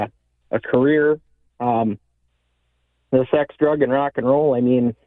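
A man calling in to a radio show, speaking hesitantly with many pauses and fillers. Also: mid-range voice, dry recording. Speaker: caller. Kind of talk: phone-in conversation. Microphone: telephone. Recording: tinny phone line.

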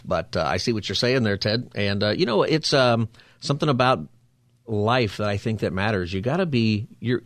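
Male talk radio host, low voice, dry studio mic, conversational. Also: no echo. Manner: conversational, preachy, upbeat.

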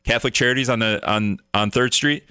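A man's voice: mid-range voice, a little fast, sharp tone, clear, resonant tone, no room sound, studio quality. A man hosting a live talk radio show, chatting casually on his own, rambling, correcting himself and joking with sarcasm.

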